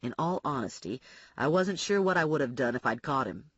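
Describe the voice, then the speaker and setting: Wry first-person audiobook narrator, woman, husky and lively in pitch. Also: brisk, dry recording, highs cut off.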